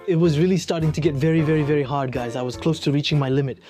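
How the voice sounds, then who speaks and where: A man's voice: on the high side, fairly even intonation, rapid-fire, warm tone. A young man vlogging a food challenge, tired and overfull, narrating with self-mocking jokes and dramatic complaints. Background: music.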